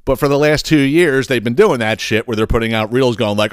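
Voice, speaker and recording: A man's voice: medium pitch, brisk, hardly any pauses, smooth, no echo, clean studio sound. A man hosting a podcast, ranting profanely in a casual style and often stumbling over repeated words. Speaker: podcast host.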